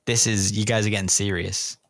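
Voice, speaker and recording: A man's voice: on the low side, little pitch movement, fairly quick, background noise. A man hosting a casual word-guessing game on a podcast, playful and chatty. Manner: playful, puts on comic accents. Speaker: quiz host.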